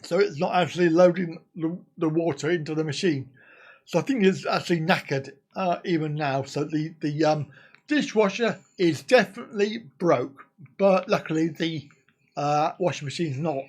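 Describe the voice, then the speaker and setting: A man's voice: on the high side, moderate pace, darkish tone. A man hosting a casual live stream, chatting and laughing as he answers viewer comments.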